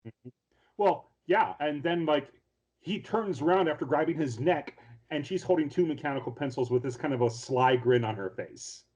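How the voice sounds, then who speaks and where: A man's voice: on the high side, moderate pace, darkish tone, husky. A man on a casual podcast recapping an anime episode in a rambling way, full of ums and restarts. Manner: rambling, filler-heavy storytelling with many restarts. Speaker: podcast co-host.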